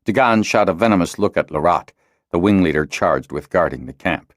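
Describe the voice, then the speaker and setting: A man narrating a fantasy audiobook in an expressive storytelling style. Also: very deep voice, normal speed, dry recording, clean studio sound. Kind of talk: scripted narration.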